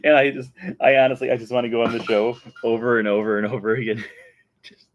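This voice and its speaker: A man hosting a casual vlog, telling an excited story and breaking into laughter again and again. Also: mid-range voice, quick pace, dull audio. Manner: giggly, keeps breaking into laughter. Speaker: show host.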